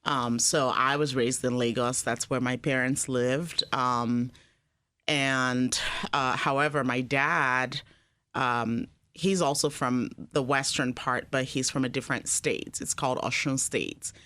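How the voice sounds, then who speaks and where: A woman from Nigeria, a podcast guest talking in a relaxed, hesitant way with many fillers. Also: extremely low pitch, slow. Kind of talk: casual interview. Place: studio.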